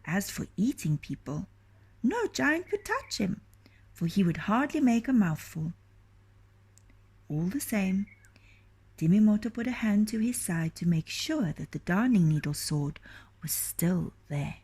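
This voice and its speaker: A woman reading a children's storybook aloud, expressive and often dropping into a hushed whisper. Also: medium pitch, a little slow, husky.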